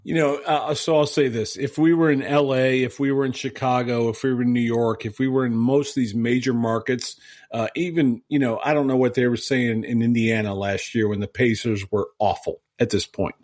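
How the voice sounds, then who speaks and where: A man's voice: medium pitch, steady tone, normal speed, a little mellow. A man co-hosting a podcast in casual sports chat, ranting emphatically and repeating himself for emphasis. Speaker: podcast co-host.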